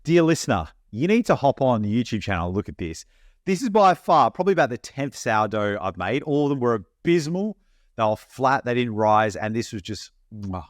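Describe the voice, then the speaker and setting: A man co-hosting a podcast, telling an animated story in casual, slangy chat. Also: medium pitch, a little fast, no echo, studio quality. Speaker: podcast co-host.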